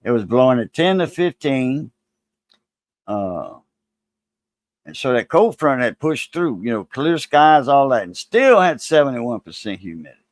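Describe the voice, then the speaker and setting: A man's voice: medium pitch, big pitch swings, a little slow, no echo, clean studio sound. A man hosting a livestream, rambling in a folksy, casual way and greeting viewers. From Louisiana. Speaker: livestream host.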